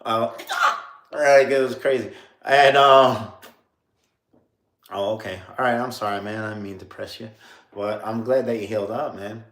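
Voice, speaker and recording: A man's voice: on the low side, steady tone, normal speed, long pauses, fairly bright tone. A man in his late thirties from New York, telling a story on a casual livestream, rambling with lots of fillers and laughing at himself. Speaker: streamer. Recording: roomy echo.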